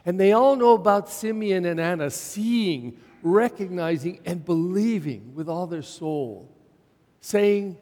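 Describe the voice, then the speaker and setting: A middle-aged man preaching from the pulpit in a fairly high voice, leaning on repetition and rhetorical questions. His words ring out with a long reverb through the church. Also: expressive, takes it slowly, darkish tone. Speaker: pastor. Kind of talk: sermon.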